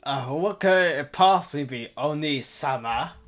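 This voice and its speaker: A man's voice: on the high side, lively intonation, measured pace, fairly bright tone. A man putting on a haughty teasing noble girl.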